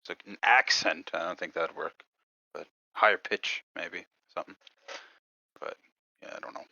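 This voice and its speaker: A young man in his late teens playing in a tabletop game, chatting in a hesitant, soft-spoken way that trails off. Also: sits low, fairly even intonation, normal speed, no echo, muffled recording. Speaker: player. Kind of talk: casual chat during a tabletop game.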